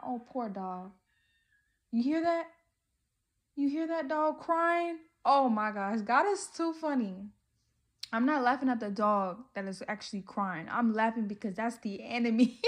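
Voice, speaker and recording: A woman's voice: fairly high pitch, measured pace. A woman giving a prophetic devotional message, often speaking as God, in an impassioned and repetitive way that sometimes sinks to a whisper, recorded outdoors while on a walk.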